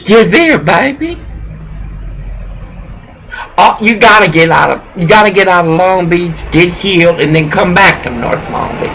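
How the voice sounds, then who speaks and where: A high, gravelly-voiced man preaching in a slow, rambling rant. He swears freely as he lectures a listener. A faint hum sits behind him. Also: pushed and bright, low-quality recording. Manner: rambling, profane, lecturing someone directly. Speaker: pastor.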